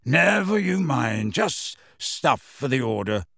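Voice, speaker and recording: A man voicing a wry, teasing grown man in an audiobook reading, delivered with lively intonation. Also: mid-range voice, slow pace, creaky, no echo, studio quality, full character voice. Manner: teasing, self-assured.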